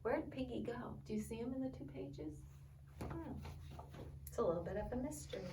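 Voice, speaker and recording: A woman librarian at storytime, gently reading a picture book and asking the children questions. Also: fairly high pitch, lively intonation, brisk, recorded from a distance, noisy background.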